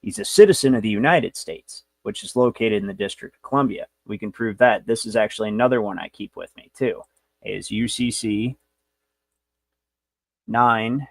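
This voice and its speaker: A man's voice: on the low side, moderate pace, no echo. A man hosting a livestream, lecturing in a brash, rambling, profane way. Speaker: show host.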